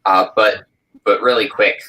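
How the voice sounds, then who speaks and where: A man in a casual podcast chat, hesitant and filling pauses with "uh". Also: on the low side, fairly even intonation, sharp tone, a little hiss or hum, poor audio. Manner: hesitant, many fillers.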